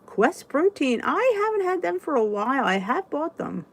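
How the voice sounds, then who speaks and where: A woman's voice: high-pitched, big pitch swings, moderate pace. A woman hosting a casual live-stream support chat, chatting in a rambling way and reading viewers' comments aloud.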